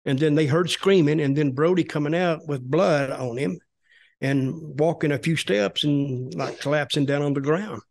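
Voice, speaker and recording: Older man telling a story, somewhat high voice. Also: normal speed. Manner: rambling, restarts, acts out quoted voices. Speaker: storytelling guest, former wrestler. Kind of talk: casual storytelling.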